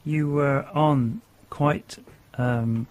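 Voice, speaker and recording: A man's voice: mid-range voice, steady tone, extremely slow. Encouraging male radio host. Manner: encouraging, prompting questions. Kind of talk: radio interview.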